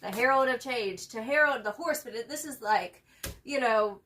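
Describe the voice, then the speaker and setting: A young woman with a fairly high voice gives a loose, chatty tarot reading. She swears freely, leans on fillers and hypes the listener up with pet phrases. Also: moderate pace, a bit bright, a little hiss or hum. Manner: slangy, profane and emphatic, full of fillers; hypes the viewer up with repeated catchphrases. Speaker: tarot reader. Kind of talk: casual tarot reading to camera.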